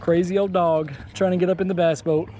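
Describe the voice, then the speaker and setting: A man in his twenties chatting casually while fishing from a boat outdoors, getting excited whenever a fish bites. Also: high-pitched, fairly quick, background noise. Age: 20s. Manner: excitable, chatty, exclaims at every catch. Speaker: fishing vlogger. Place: outdoors on a bass boat on a lake.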